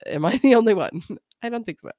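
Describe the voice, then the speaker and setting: A woman's voice: on the high side, animated, fast talker, dark tone, dry recording, studio quality. A woman in her thirties hosting a casual solo podcast about parenting, chatty, laughing often and quoting her kids. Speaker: podcast host.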